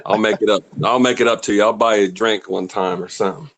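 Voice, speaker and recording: A man's voice: on the low side, fairly even intonation, fast, a crowd in the background. Laid-back man swearing in casual chat. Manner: laid-back, swears freely, laughs often. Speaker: podcast co-host.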